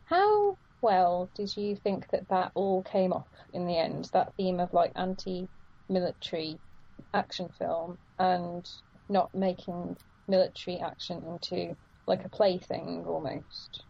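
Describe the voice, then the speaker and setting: A woman's voice: lowish voice, unhurried, creaky, husky, highs cut off. A woman in casual film discussion, asking thoughtful questions and weighing ideas with many fillers.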